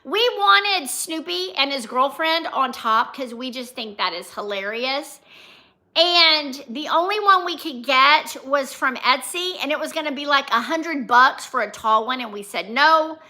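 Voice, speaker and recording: A woman's voice: sits high, expressive, a little slow, sharp tone. A woman hosting a casual livestream, chatting and reading her viewers' comments aloud, greeting them by name. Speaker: vlogger and livestream host.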